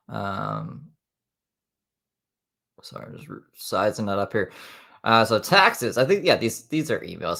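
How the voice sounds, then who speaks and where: A man's voice: lowish voice, sing-song, slow, gravelly, pauses often, pushed and bright. A man on a live stream reading emails aloud in casual commentary, with profane, sarcastic asides.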